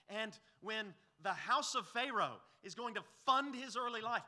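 A man's voice: sits high, pushed and bright. A man preaching an expository sermon as pastor, earnest and pleading, building to emphatic peaks.

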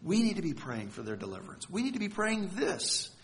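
A man's voice: high voice, wildly swooping pitch, fairly quick. A man preaching a sermon, earnest and emphatic, leaning hard on key words. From United States.

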